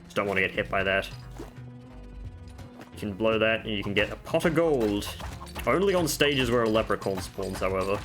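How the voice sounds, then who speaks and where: A man's voice: lowish voice, animated, moderate pace, long pauses, over music. A man giving casual gameplay commentary at home, chatting through game tips with offhand self-mocking jokes. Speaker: gaming video creator. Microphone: desk microphone.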